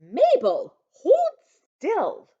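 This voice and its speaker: A woman voicing a stern, exasperated mother who scolds her daughter with loud, sharp commands in a storybook reading. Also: high voice, wildly swooping pitch, takes it slowly, voice pushed up, heavily acted. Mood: scolding. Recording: dull lo-fi recording.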